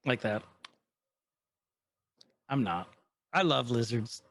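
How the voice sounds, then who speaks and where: At a slow pace and medium pitch, a man co-hosting a casual podcast animatedly recaps an episode, quoting lines from its characters as he goes.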